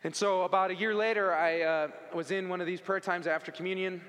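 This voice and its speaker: A man's voice: sits high, steady tone, a little fast, a bit bright. Earnest man telling his story in a hall. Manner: earnest, conversational storytelling with casual asides. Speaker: speaker giving a faith testimony. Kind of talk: personal testimony talk to an audience.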